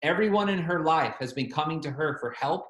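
A preacher man tells a story with animation and acts out both ends of a phone call. His voice sits a little high, and the room around him is echoey. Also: lively intonation, brisk, fairly bright tone. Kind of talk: sermon storytelling.

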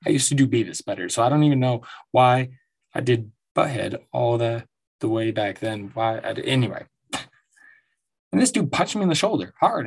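A gravelly, husky male voice at medium pitch, moving a little quickly. He's a man in his forties hosting his own show from home, rambling through profane stories in a casual monologue and laughing often.

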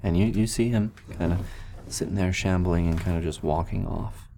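Very deep, gravelly game master. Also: male voice, moderate pace, a little hiss or hum. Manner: relaxed, filler-heavy narration. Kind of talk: narrating a tabletop game.

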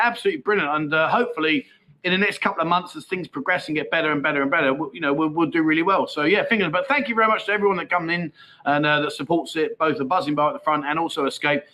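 A man's voice: a little high, sharp tone. A middle-aged man, hosting a casual livestream and bantering cheekily with viewers as he reads out their comments. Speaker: livestream host.

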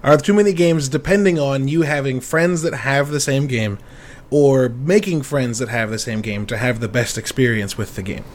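A man hosting a casual podcast chat, excitable and quick to laugh, with some swearing. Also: medium pitch. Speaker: podcast host.

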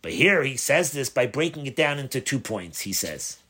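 A rabbi giving a spoken Torah lesson, explaining step by step, posing questions and answering them, often restarting and rephrasing mid-sentence. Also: male voice, mid-range voice, very animated, normal speed, bright, forceful tone, breathy edge. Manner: explanatory, asks and answers his own questions. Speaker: rabbi teaching a Torah class.

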